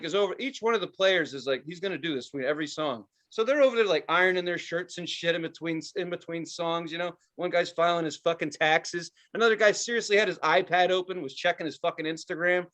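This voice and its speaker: A man's voice: high-pitched, fairly quick, few pauses, a bit bright. A man co-hosting a podcast, telling a story in a casual, exasperated rant full of swearing. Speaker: podcast co-host. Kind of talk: casual ranting chat.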